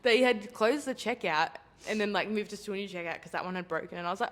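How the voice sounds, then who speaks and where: A woman's voice: mid-range voice, fast talker. Giggly young Australian woman chatting. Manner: giggly, rambling, lots of fillers. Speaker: podcast co-host. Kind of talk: casual chat.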